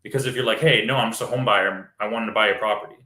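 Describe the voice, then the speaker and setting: Bright-voiced man explaining sales calls. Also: lowish voice, steady tone, quick pace, roomy sound. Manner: explains step by step, acts out phone calls. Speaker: real estate wholesaler giving advice. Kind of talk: casual instructional chat.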